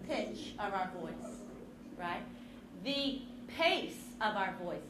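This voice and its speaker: Woman teacher, high voice, energetic drama class coaching, echoey room full of kids. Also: slow, very noisy. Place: school classroom. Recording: echoey classroom with students around.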